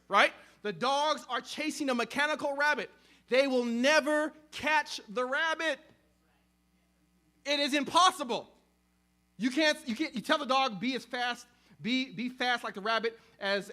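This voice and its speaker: A male pastor preaching a sermon, emphatic, with sudden swings between loud stressed words and soft drops, often repeating and restarting phrases. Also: very high-pitched.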